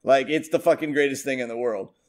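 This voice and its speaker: A man co-hosting a TV review show, talking in a rambling, profane, animated way with lots of fillers. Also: medium pitch, fast. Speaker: podcast co-host. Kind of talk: casual chat.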